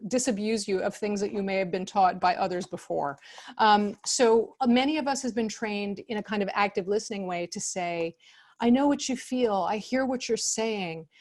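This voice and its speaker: A woman presenting as an expert in an online workshop, speaking calmly and conversationally with many fillers, acting out example phrases in changed tones. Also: mid-range voice, moderate pace. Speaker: expert speaker on customer service.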